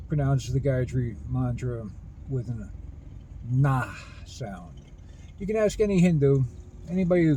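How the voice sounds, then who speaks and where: A man talking in a rambling personal monologue about spiritual ideas, earnest and halting, with many restarts. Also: mid-range voice, warm tone, slight background noise, poor audio. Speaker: spiritual video host.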